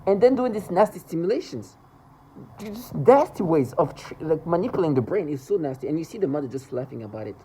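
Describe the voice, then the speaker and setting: A man's voice: on the high side, big pitch swings, fast, dark tone, a little hiss or hum, rough recording. A man talking to the camera in an agitated personal monologue, rambling with restarts and repetitions. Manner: rambling, restarts and repeats, mimics others' laughter. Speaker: vlogger.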